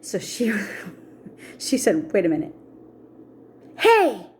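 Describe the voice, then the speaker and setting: A woman's voice: on the low side, a little slow, a little hiss or hum. A middle-aged woman telling a personal story in a vlog, acting out the voices of people she quotes. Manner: animated, acts out quoted voices. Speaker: vlogger.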